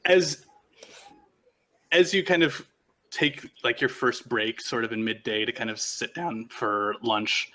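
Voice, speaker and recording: Bright-voiced man running a tabletop game. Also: medium pitch, slow pace. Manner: loose, filler-heavy narration with restarts. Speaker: game master.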